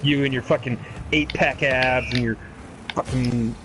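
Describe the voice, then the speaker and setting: A man's voice: mid-range voice, fairly even intonation, a little slow, a crowd in the background. A man co-hosting a casual gaming stream, joking crudely and swearing a lot. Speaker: podcast co-host.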